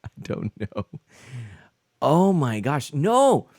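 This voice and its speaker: Male streamer, flustered and giggly, unhurried delivery with a swooping pitch, dry close sound. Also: wildly swooping pitch, a little mellow, no room sound. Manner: flustered, laughing and exclaiming often. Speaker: game streamer. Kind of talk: live-stream chat with viewers.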